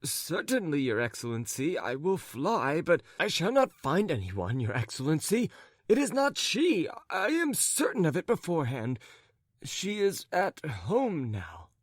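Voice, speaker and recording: A man's voice: a little high, huge pitch swings, a little slow, no echo, studio quality, full character voice. A man voicing a flustered, jealous husband who stammers and fawns as he babbles on. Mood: eager babbling.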